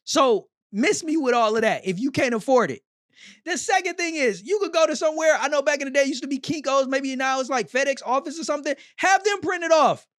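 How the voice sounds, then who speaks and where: A man's voice: very high voice, fast, a bit bright, no echo, studio quality. A male host giving blunt, mocking, slangy reaction commentary.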